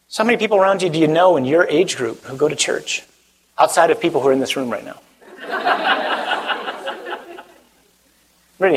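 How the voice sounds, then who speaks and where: A man's voice: fairly high pitch, breathy edge, low-quality recording. A man, a Catholic priest, giving a conversational sermon, joking with the audience and putting questions to them.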